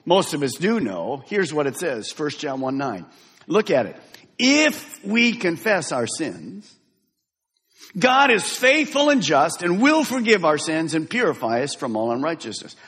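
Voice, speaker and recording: A man's voice: high voice, fairly bright tone, husky, in a large hall. A man preaching a sermon as pastor, emphatic and direct, having the congregation repeat lines after him. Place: church sanctuary.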